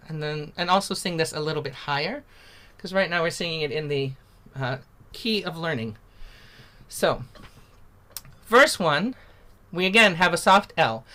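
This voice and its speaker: A woman's voice: deep voice, a bit bright. Chatty woman teaching song over a video call. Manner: demonstrates sung syllables between spoken explanations; chatty and informal, with many fillers. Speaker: singing teacher. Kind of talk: online singing workshop.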